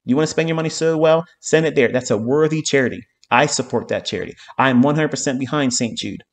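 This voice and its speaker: A man's voice: mid-range voice, fast. A man teaching trading on a live stream, swearing often and hammering his points home with repeated phrases and "okay?". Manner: heated, profanity-laden ranting with repeated phrases.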